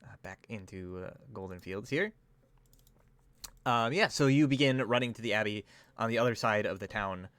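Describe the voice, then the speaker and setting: A man's voice: fairly low pitch, normal speed, a bit bright, dry recording. A man narrating as game master, loose and full of fillers.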